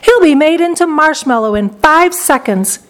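A woman's voice: sits high, normal speed, pitched above the performer's own voice, close to an everyday voice. A woman reading a storybook aloud and voicing a frantic, shrieking mother who screams in panic. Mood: indignant.

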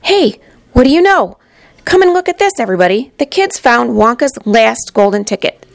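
Woman reads a booming, excitable shopkeeper in a storybook; high and shouty, dry close sound. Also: moderate pace, vocal fry, no echo. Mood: excited. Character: fat jolly male shopkeeper, loud and excitable.

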